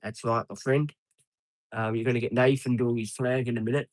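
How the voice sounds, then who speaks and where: A man's voice: mid-range voice, level tone, a little fast, no echo, poor audio. A man with an Australian accent chatting casually with viewers on a live stream, laughing often and calling everyone mate.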